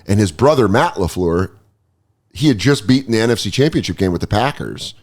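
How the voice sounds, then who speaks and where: A podcast host trading stories with a guest, his pitch swinging widely as he talks. He slips into other people's voices for quick impressions, keeping things loose and comic. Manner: animated storyteller, acts out quoted people with voices. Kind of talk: casual comedic chat.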